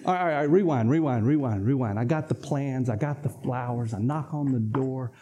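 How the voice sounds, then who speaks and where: A man's voice: medium pitch, brisk, dark tone, husky. A man preaching a sermon, emphatic and repetitive, often addressing the congregation as folks. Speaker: pastor.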